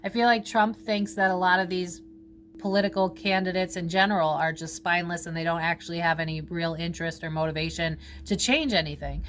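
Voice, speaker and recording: Woman psychic, chatty unscripted reading, mid pitch, loose and rambling, light room hum. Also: a bit bright. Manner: rambling, swears casually, many fillers. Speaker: psychic reader. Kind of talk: casual psychic reading monologue.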